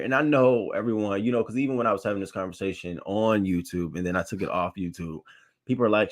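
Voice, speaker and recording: A man's voice: low-pitched, a little fast. A man hosting a celebrity news show, giving blunt, opinionated commentary and reading his live chat, swearing freely and repeating points for emphasis.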